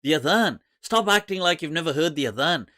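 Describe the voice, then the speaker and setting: A man hosting a live Islamic Q&A stream, talking in an animated, sarcastic and mocking way. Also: a little high, brisk, no room sound, studio quality.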